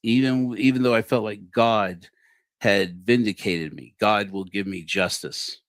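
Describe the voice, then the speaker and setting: Lively storytelling man, lowish voice. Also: unhurried, no room sound, studio quality. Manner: animated, acts out dialogue. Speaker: livestream host. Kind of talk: personal storytelling.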